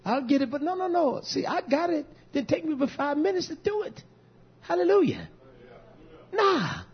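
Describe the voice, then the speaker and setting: A man preaching as a pastor, lively and storytelling, acting out conversations with people from his congregation. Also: very high-pitched, normal speed. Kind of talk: sermon. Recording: dull lo-fi recording.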